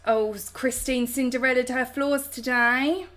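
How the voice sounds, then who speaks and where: A woman's voice: sits high, fairly even intonation, unhurried, a bit bright. A woman in her thirties with a London accent, hosting a chatty live stream and reading out viewer comments with affectionate pet names. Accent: London English. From South London, England. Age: 30s. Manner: chatty and affectionate, calls viewers babe and darling. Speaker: host.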